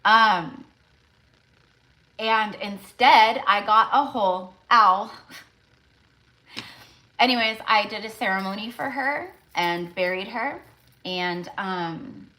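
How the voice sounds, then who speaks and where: A woman's voice: mid-range voice, slow pace, long pauses, sharp tone. A woman tarot reader talking casually on a live stream, rambling and emotional, with lots of fillers.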